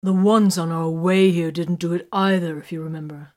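A woman reading as a loud, fuming captain. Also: on the low side, fairly even intonation, normal speed, lightly acted. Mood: exasperated. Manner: loud, exasperated, demanding. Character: hot-tempered male captain.

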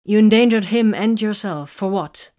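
A woman's voice: medium pitch, moderate pace, darkish tone, pitched above the performer's own voice, lightly acted. A woman reading a storybook, voicing a blunt young woman psyker who speaks sharply and demands answers. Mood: demanding.

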